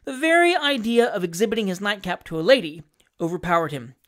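A woman reading a classic novel aloud as narrator, in a measured, expressive storytelling manner. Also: medium pitch. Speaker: audiobook narrator.

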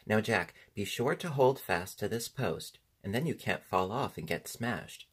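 A man voicing a brisk, cheerful young boy. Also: lowish voice, lively intonation, a bit bright, breathy edge, exaggerated voice. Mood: reassuring. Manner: brisk, reassuring.

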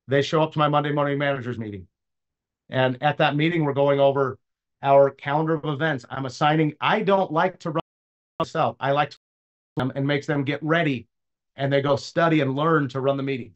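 A man with a voice on the high side leads his sales team in a motivational talk built around a personal story. He's casual and blunt, often checking they follow by asking "does that make sense?", and the audio is lo-fi.

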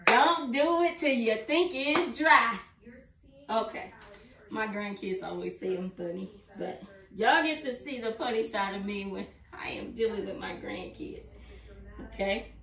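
A woman's voice: fairly high pitch, fairly bright tone. Older woman, crafts teacher, repetitive and encouraging, heard in a roomy space from a distance. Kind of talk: casual tutorial. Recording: roomy sound from a distant mic.

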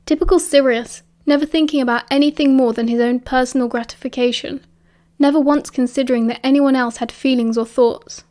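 High, mellow British woman narrating. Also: steady tone, fairly quick. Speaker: audiobook narrator. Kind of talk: audiobook narration.

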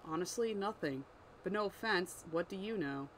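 Writer reading a calm blunt man, story read-aloud, mid pitch, plain. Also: normal speed, slight background noise, lightly acted, rough recording. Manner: plain read-aloud, stops to fix words. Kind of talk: reading own story aloud while editing.

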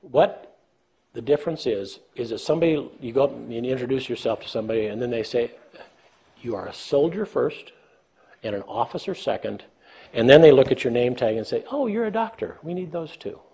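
Brisk and mid-range, his voice is creaky and dark with a breathy edge. The older American man tells self-deprecating stories during a leadership talk, laughing as he plays out dialogue in a conversational, anecdote-driven lecture.

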